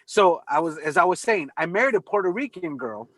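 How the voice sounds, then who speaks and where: A man chatting casually over a video call, telling animated stories and swearing freely. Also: fairly high pitch, fairly quick. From California. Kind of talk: casual chat.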